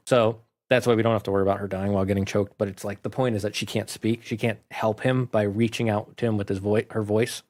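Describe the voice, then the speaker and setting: A man's voice: fairly low pitch, fast talker, hardly any pauses. Rambling man retelling a movie. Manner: rambling, animated, with restarts. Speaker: movie reviewer.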